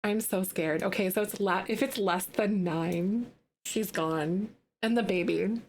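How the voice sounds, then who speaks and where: Slow, chatty woman streamer. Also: medium pitch. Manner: chatty, filler-heavy, talks to viewers. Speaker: gaming streamer. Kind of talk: live-streamed gameplay commentary.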